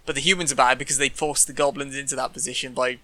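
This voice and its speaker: Bright, dry-toned sardonic man. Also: medium pitch, fairly even intonation, quick pace, dry recording. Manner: sardonic, mock-dramatic quoting. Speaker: podcast co-host. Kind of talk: casual review chat.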